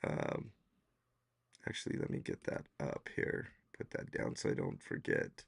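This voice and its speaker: A man hosting a casual podcast livestream, hoarse and losing his voice, rambling with lots of fillers. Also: unhurried, dry recording. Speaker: podcast host.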